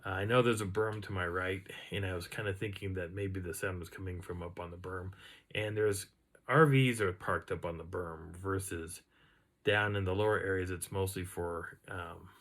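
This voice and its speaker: A man casually recounting an outdoor encounter in a rambling, animated way, now and then imitating the sounds he heard. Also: low-pitched, moderate pace. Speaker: outdoor storyteller. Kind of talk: casual first-person storytelling.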